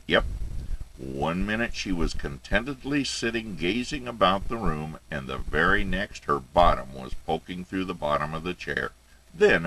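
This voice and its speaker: Deep, playful grandfatherly storyteller. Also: a little hiss or hum, rough recording. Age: older. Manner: playful, expressive storytelling with asides. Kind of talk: storybook reading aloud.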